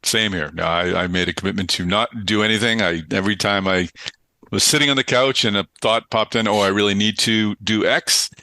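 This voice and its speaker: A man's voice: lowish voice, a little fast, sharp tone, no room sound. A man hosting a podcast, talking in a loose, casual way with frequent fillers. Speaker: podcast host.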